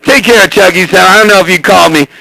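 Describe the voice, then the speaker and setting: A man chattering on CB radio as the channel's host, boastful and loud, hailing others over and over. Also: high-pitched, fast, gravelly, a loud crowd, rough recording.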